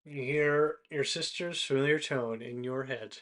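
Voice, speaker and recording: A man narrating and hosting a tabletop game stream as game master, relaxed and full of fillers. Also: mid-range voice, unhurried. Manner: relaxed, hesitant with many fillers.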